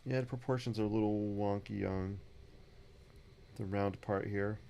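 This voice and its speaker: Upbeat gravelly man streaming his sketching. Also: fairly low pitch, steady tone, moderate pace, dark tone. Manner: chatty, upbeat, talks to viewers while drawing. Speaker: artist live-streaming a sketch session. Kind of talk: casual live-stream chat. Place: home art studio with a 3D printer running. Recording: faint machine noise behind.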